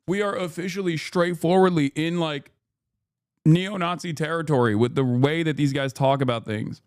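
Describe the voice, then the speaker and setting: A man's voice: fairly high pitch, normal speed, clean tone, no echo, clean studio sound. A man in his thirties streaming political reaction commentary, ranting in profane, incredulous bursts. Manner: incredulous, profane, emphatic rants.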